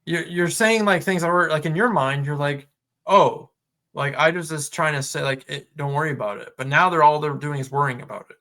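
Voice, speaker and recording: A man co-hosting a casual podcast speaks with a fairly high pitch, briskly and with hardly any pauses. He's relaxed and heavy on filler words, and he acts out exchanges with customers.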